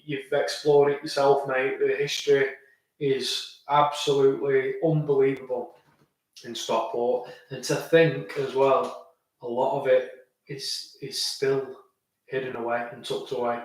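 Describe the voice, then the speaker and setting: A man's voice: medium pitch, very echoey, recorded from a distance, low-quality recording. A man chatting casually on a live stream, rambling and restarting as he answers viewers' comments. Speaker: vlogger answering live chat.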